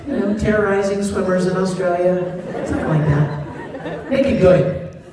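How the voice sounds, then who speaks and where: A man, a voice actor, telling stories at a convention panel in a big hall, animated and laughing as he talks. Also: high voice, normal speed. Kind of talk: convention Q&A storytelling. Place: large convention hall with audience. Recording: distant fan recording in echoey hall. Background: crowd laughing.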